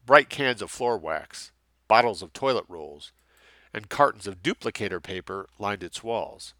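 A man narrating a thriller novel with a lot of lift and fall in his voice. His low voice has a bright edge. The recording is close and dry. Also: expressive, measured pace, no echo. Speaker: audiobook narrator. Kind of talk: scripted narration.

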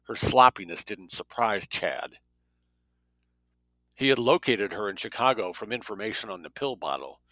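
Man narrating with a sharp, low voice. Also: expressive, normal speed, dry recording, low-quality recording. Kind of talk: audiobook narration.

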